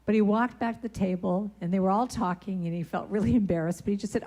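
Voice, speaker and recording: At a church sanctuary, a woman guest speaker and singer gives a conversational, storytelling sermon, slipping into short sung lines. Her medium-pitched voice is warm, and she talks fast with hardly any pauses.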